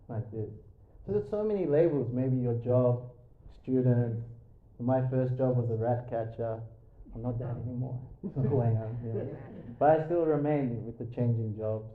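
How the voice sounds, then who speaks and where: Man, spiritual talk, joking and chatty, mid pitch, echoey hall-like room. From Australia. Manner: jokey, chatty, many fillers. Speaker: spiritual speaker. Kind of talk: lecture with audience banter. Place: yoga studio. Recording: echoey room, tinny phone-like sound.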